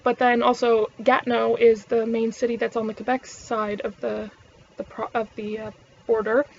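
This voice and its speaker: A woman's voice: a little high, flat delivery, moderate pace, gravelly, highs cut off, slight background noise. A Canadian woman vlogging in casual chat, rambling and swearing, often correcting herself mid-sentence. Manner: rambling and profane, with frequent self-corrections.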